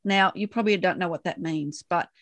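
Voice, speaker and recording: An Australian woman co-hosting a casual chat about a TV episode, animated and acting out lines from scenes. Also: lowish voice, a little fast, no echo. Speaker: podcast co-host.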